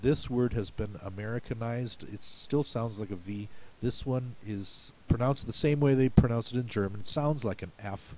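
A man's voice: medium pitch, moderate pace, few pauses, a little mellow. A man from the United States patiently explaining word pronunciations for a spelling lesson, in a folksy, step-by-step way. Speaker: spelling bee coach.

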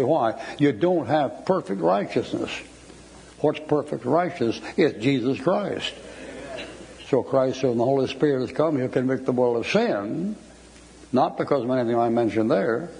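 Gravelly older Southern preacher. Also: male voice, mid-range voice, darkish tone, poor audio. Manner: folksy Southern preaching, quoting scripture with emphasis. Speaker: Baptist preacher. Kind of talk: Bible study sermon.

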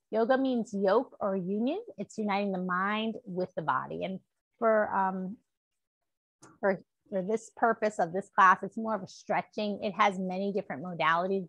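A woman teaching a gentle stretch class, encouraging and upbeat, leading spoken affirmations. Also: medium pitch, no echo. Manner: upbeat and encouraging, with laughs and cheers.

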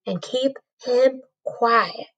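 A woman voicing a calm cowboy in a read-aloud storybook, with an easygoing drawl. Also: fairly high pitch, drawn-out words, highs cut off, heavily acted. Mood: steady. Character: calm old-west cowboy man.

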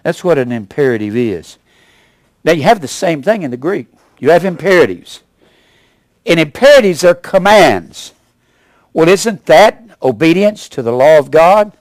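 A man in his seventies preaching a sermon as pastor, with emphatic rises and sudden low asides. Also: very animated, normal speed, dry recording. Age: 70s. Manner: emphatic preaching, rising to loud punches then dropping low.

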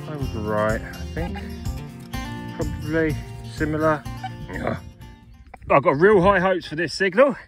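A man's voice: on the high side, a bit bright. A man giving a casual running commentary while metal detecting in a ploughed field, chatting to his finds and to his viewers as friends.

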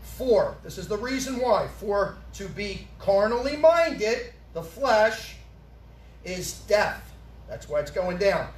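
A man preaching in a roomy church, his voice very high and heard from some distance off the mic. He fires questions at his congregation and drives his points home emphatically, rising to a shout at times. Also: sing-song, slow. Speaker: pastor. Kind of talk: sermon. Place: church sanctuary. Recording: echoey room, far from the mic.

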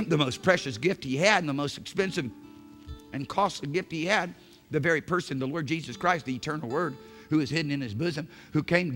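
A male pastor preaching a sermon in church, swinging from hushed, intimate phrases to shouted emphasis. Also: fairly high pitch. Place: church sanctuary.

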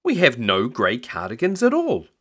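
A man reading aloud, voicing an eager, apologetic young male shop assistant in a high, flustered voice. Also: wildly swooping pitch, moderate pace, fairly bright tone, husky, heavily acted.

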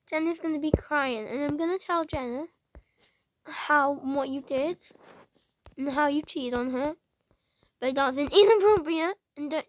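A woman's voice: high voice, a little hiss or hum. A woman hosting a reaction video, talking in a dramatic, exclaiming and outraged way. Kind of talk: reaction commentary. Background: music playing.

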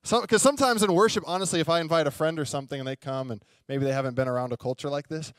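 A man's voice: on the high side, rapid-fire, dry recording. A young adult man preaching a sermon, telling a story in a chatty way and often asking the congregation questions. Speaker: pastor. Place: church sanctuary.

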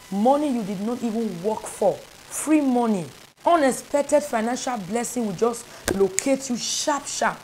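A woman's voice: medium pitch, a little mellow, a little hiss or hum, poor audio. A woman spiritual advisor, preaching in an earnest, repetitive, prayerful way. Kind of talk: preaching spiritual instruction to camera.

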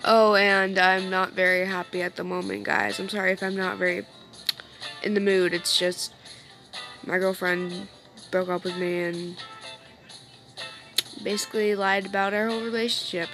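A woman's voice: medium pitch, little pitch movement, normal speed, long pauses, fairly bright tone, soft background music. A woman casually commenting on a game she is playing, upset and rambling, with self-deprecating asides. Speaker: let's play gamer.

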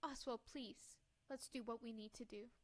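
A woman voicing a stern, scheming aunt who talks briskly and coolly. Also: a little high, steady tone, close to an everyday voice. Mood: persuasive.

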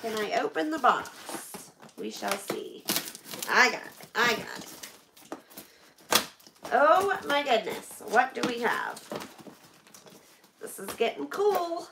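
A middle-aged American woman opens donated packages on a live stream, chatting excitedly with her viewers. Her voice is on the high side and gravelly, her pace slow with long pauses, and there's background noise.

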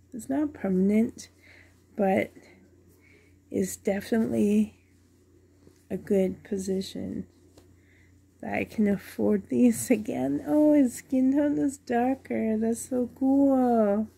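A woman's voice: mid-range voice, creaky, warm tone, husky. A woman at home unboxing a doll for her vlog, gushing with delight and often dropping to a whisper. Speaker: reborn doll collector unboxing a doll.

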